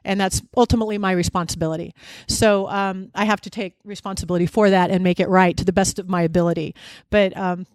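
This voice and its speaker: Woman, interview guest, animated chatty storytelling, dry sound. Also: mid-range voice, quick pace, smooth, dry recording. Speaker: guest, travel company co-founder. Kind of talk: live podcast interview. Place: live event with an audience.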